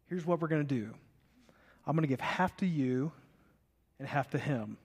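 A man's voice: fairly high pitch, normal speed, husky. A man preaching voices King David in a casual, modern way during a sermon. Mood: resolute. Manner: conversational, modern paraphrase. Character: biblical king David, man, trusting but quick to anger. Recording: long reverb of a large hall.

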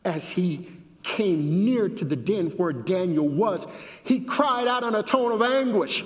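A man preaching a sermon and reading scripture aloud with dramatic emphasis, his voice rising at the high points. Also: lively intonation, measured pace, in a large hall.

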